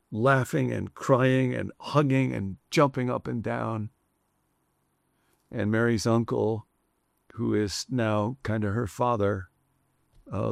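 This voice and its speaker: A man's voice: lowish voice, vocal fry, no room sound, studio quality. A man preaching a sermon in a conversational, reflective way, shifting his emphasis often. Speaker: pastor.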